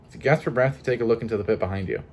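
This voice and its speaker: A man with a sore throat reading a story game aloud for a video, pausing to joke about his own voice. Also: fairly low pitch, a little hiss or hum. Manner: expressive reader who breaks off to joke and laugh. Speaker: gaming video creator.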